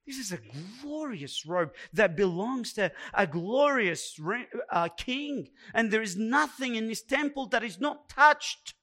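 A man's voice: high-pitched, animated, measured pace, few pauses, sharp tone. A man preaching a sermon as pastor, emphatic and repeating words for weight.

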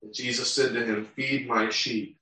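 With a measured pace and a slightly bright medium-pitched voice, a male preacher reads Bible passages and unpacks them verse by verse. Heavy echo fills the room, captured by a far-off mic.

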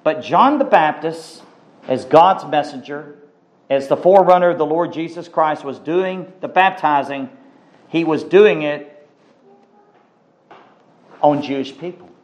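A man's voice: on the high side, a little slow, pauses often, muffled recording. A man preaching a sermon, emphatic and given to repeating words for stress.

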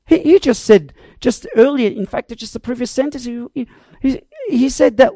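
A preacher delivering an emphatic, dramatic sermon that swings between loud cries and quiet asides. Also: medium pitch, normal speed, no echo, studio quality. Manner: emphatic, dramatic, varies loudness and tempo.

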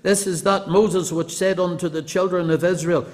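Male preacher, high voice, earnest and emphatic, recorded with long church reverb. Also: fairly even intonation, a little mellow. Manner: earnest, emphatic, slowing on scripture quotes. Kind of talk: sermon.

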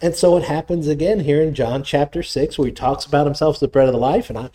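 A man's voice: on the high side, quick pace, few pauses, mellow. A middle-aged male pastor preaching a sermon, reading scripture aloud and explaining it with conversational asides.

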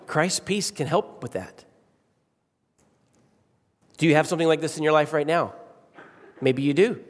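Emphatic preacher man in a reverberant church. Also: a little high. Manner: emphatic, varies pace and volume, repeats key phrases. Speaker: pastor. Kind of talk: sermon. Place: church sanctuary. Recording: long reverb of a church hall.

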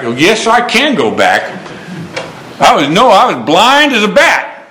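A man preaching a folksy sermon, quoting scripture between homespun stories. His voice sits a little high and comes across bright and forceful. The room around him rings with echo. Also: wildly swooping pitch, measured pace. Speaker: pastor.

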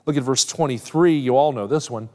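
A man's voice: mid-range voice, brisk, mellow. A middle-aged man preaching a sermon, teaching step by step and putting questions to the congregation. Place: church. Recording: long hall reverb.

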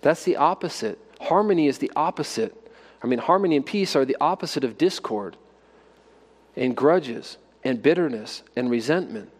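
A man's voice: mid-range voice, lively intonation, moderate pace, slightly rough, big-room sound. A man preaching a sermon, asking his listeners rhetorical questions and building to emphatic exhortations. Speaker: pastor.

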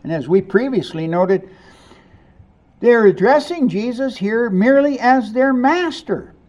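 A pastor delivers a sermon in a high, lively voice whose pitch rises and falls widely. Unhurried, he moves between quiet, hushed lines and emphatic ones, repeatedly putting questions to the congregation.

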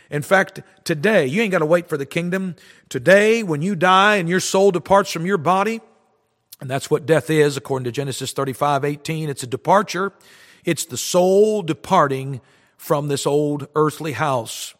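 A man's voice: fairly high pitch, moderate pace, a bit bright, big-room sound. A man preaching a fervent, emphatic sermon, quoting scripture. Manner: fervent, emphatic preaching with King James quotes. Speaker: street preacher.

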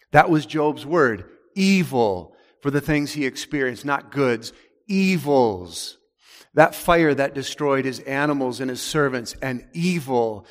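A pastor preaches a sermon with emphasis, sinking low and slow on the key words. The recording has a long hall reverb.

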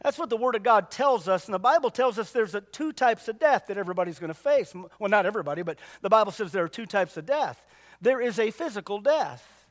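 A man's voice: high voice, animated, quick pace, in a large hall. A man preaching a sermon in a church, folksy and emphatic, repeating his points for weight.

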